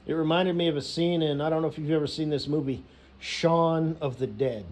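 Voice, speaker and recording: Profane rambling storyteller, man, a bit high-pitched. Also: fairly even intonation, brisk, a little mellow. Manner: profane, rambling, laughs a lot, says "you know" constantly. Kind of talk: rambling casual rant.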